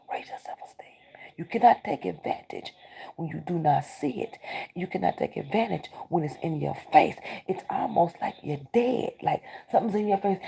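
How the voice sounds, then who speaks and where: A low, gravelly woman gives a spiritual card reading. Her voice is husky and dark, and her delivery is urgent and preacher-like. She often sinks into a whisper. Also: animated, normal speed, rough recording. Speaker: tarot reader.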